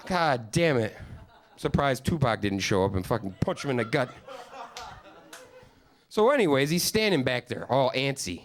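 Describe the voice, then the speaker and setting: A man's voice: medium pitch, big pitch swings, moderate pace, pauses often. A man from Upstate New York performing a stand-up comedy set, telling profane, rambling stories with mock-exasperated asides. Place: comedy stage with live studio audience.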